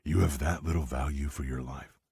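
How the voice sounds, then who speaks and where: A man's voice: a bass voice, steady tone, a little fast, gravelly, a little mellow, husky, no echo, clean studio sound, exaggerated voice. A man voicing a blunt, fierce tough man who speaks with threatening bluntness in an audiobook. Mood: angry threatening.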